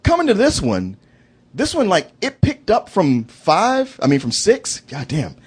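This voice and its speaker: A man's voice: high voice, huge pitch swings, measured pace, breathy edge. A man hosting a casual film review chat, talking animatedly and acting out characters' lines in quoted voices. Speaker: film review podcast host.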